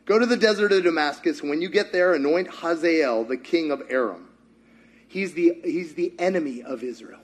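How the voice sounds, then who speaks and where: Animated preacher, man with a high voice. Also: normal speed. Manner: animated, rhetorical questions to the congregation. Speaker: pastor. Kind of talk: sermon.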